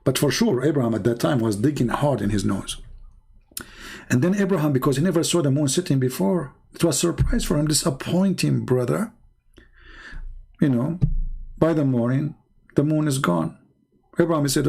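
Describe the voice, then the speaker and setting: A man's voice: fairly high pitch, moderate pace, gravelly, pauses often, a little mellow, slightly rough. A man hosting a call-in debate, arguing hard, talking over the caller and mocking him sarcastically. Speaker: host. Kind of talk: argumentative call-in debate and commentary.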